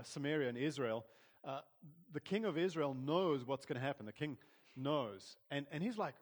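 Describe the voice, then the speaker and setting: A man preaching a sermon in an earnest, conversational way, often restarting his words. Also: mid-range voice. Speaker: pastor. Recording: long hall reverb.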